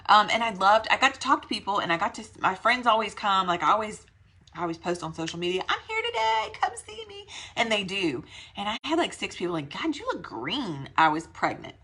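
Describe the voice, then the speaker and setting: A woman's voice: mid-range voice, fast talker, sharp tone, husky. A young woman, slightly out of breath, giving her sales team a chatty, rambling pep talk. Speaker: direct sales consultant.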